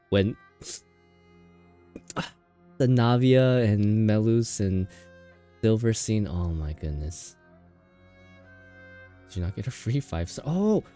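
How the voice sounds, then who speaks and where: A man's voice: fairly low pitch, mellow. A man live-streaming a video game, chatting casually and playfully, laughing often and reacting to the story and his chat.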